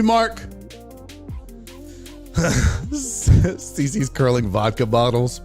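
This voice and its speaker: A man hosting a casual sports talk live stream, joking, swearing and laughing often while reading viewer comments, his voice a bit rough and hoarse. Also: on the high side. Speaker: sports talk show host.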